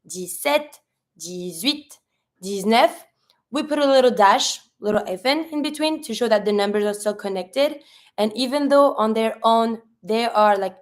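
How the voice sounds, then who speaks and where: A woman with a fairly high voice who is a native French speaker, teaching a numbers lesson in English. She talks patiently and says each number slowly and clearly, over and over. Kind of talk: language lesson.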